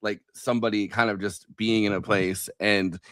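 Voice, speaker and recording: A man co-hosting a podcast, chatting casually about politics with many halting restarts and laughs. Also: fairly low pitch, fairly even intonation, fairly bright tone, no echo, clean studio sound. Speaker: podcast co-host.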